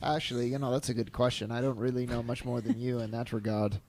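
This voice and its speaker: A man's voice: mid-range voice, level tone, fast talker, a little mellow, a little hiss or hum. A man playing a tabletop game, joking and rambling in character. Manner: wry, teasing, rambling. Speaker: player. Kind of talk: casual in-character banter.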